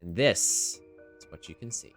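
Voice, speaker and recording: A man narrating a tabletop game as game master in a casual, hesitant way, often pausing on "um". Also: low-pitched, expressive, a bit bright, faint music behind. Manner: casual, hesitant, many ums.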